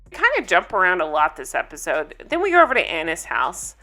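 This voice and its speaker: Bright-voiced chatty woman vlogger. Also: on the low side, fairly quick, faint music behind. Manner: chatty, opinionated, animated. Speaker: reality TV recap vlogger. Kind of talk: casual recap chat.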